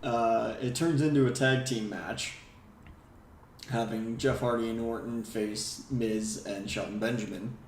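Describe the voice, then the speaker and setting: Pria santai memandu rekap, ruangan bergema. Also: male voice, mid-range voice, fairly even intonation, unhurried, slight background noise. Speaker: podcast co-host. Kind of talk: casual wrestling recap chat. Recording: echoey room.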